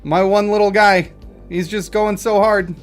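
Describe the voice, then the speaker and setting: A game streamer commentating live, reading game text and going off on animated, rambling comic rants. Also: medium pitch, a little slow, faint music behind.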